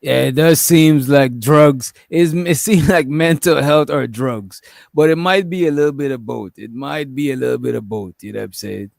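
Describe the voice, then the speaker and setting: A man's voice: mid-range voice, normal speed, vocal fry, a little mellow, no room sound. A man casually commenting and joking in slang while reacting to a video. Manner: laid-back, joking slang.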